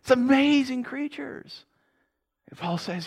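A man's voice: extremely high pitch, wildly swooping pitch, normal speed. A man, a pastor, giving a casual, conversational sermon to a congregation. He chuckles often and keeps checking in with "right?".

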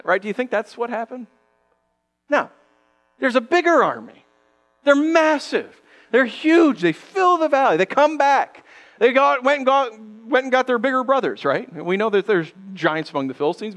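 A man preaching a sermon as pastor, conversational and animated, acting out quick quoted voices. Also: high-pitched.

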